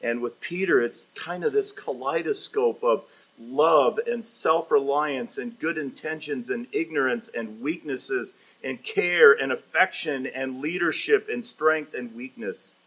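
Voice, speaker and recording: A man's voice: mid-range voice, measured pace. A man preaching a sermon, emphatic and expository, rising in force when he voices the words of the text. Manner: emphatic preaching, rising loud for quoted lines; expository, reads commentary aloud. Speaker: pastor.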